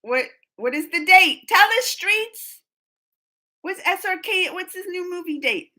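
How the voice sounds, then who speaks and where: A woman's voice: very high voice, expressive, normal speed, sharp tone, rough recording. A woman hosting a live stream, chatting casually and emotionally while reading viewer comments, laughing often.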